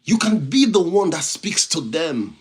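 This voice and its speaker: A man with a non-native English accent hosts a motivational livestream. His voice sits a little high and swings widely in pitch as he preaches, and he repeats lines for emphasis. He breaks off to thank viewers by name. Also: big pitch swings, unhurried. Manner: reads viewer comments and thanks them by name. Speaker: livestream host, motivational speaker.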